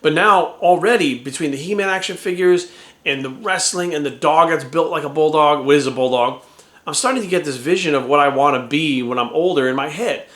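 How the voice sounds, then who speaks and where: A man's voice: on the high side, a little fast. Middle-aged guy rambling thru a story, swears a lot, roomy echoey room. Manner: rambling, animated, acts out quoted voices, swears. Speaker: vlogger. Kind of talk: casual storytelling. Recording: roomy echo.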